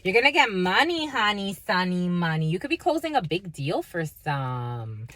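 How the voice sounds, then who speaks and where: Lady doing a tarot reading, swears a lot, kinda low voice but swoops all over. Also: sing-song, normal speed, fairly bright tone. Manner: blunt, swears often, mocking asides. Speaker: tarot reader. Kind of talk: spiritual reading with profanity.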